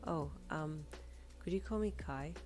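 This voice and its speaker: A woman voicing a shy teenage girl musician who talks in a soft, dry, deadpan way, in a storybook reading. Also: low-pitched, moderate pace, gravelly, faint music behind.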